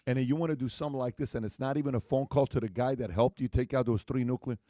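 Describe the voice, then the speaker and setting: A man with a mellow, dark-toned voice argues on a podcast panel. He hammers his points with repeated questions. The sound is dry and close. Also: medium pitch, steady tone, fast talker, dry recording. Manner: emphatic, repeats questions for force. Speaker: podcast host. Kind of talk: heated podcast discussion.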